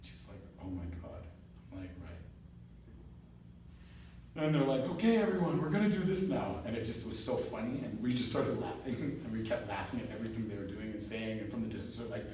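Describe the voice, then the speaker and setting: A man telling a long story in a casual chat, animated and laughing often, acting out what others said. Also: lowish voice, a little fast, slight background noise. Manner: animated, laughs often, acts out quoted voices. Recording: echoey room from far off.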